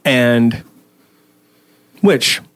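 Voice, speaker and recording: A man's voice: medium pitch, expressive, drawn-out words, fairly bright tone, clean tone. A man who is a podcast guest, telling stories in a rambling casual chat full of restarts. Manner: rambling, many restarts and fillers.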